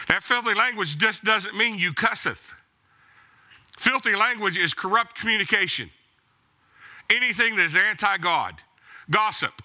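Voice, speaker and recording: A man's voice: high voice, big pitch swings, normal speed, bright, forceful tone. A male pastor preaching a sermon in an emphatic, exhorting way, driving points home with blunt repeated commands. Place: church.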